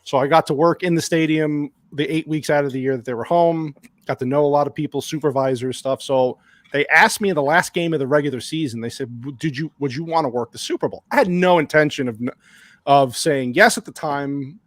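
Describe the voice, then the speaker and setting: A man guesting on a podcast, telling an excited, rambling anecdote with lots of restarts. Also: on the high side, fairly quick, no room sound. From lives in Arizona. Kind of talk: casual storytelling on a podcast.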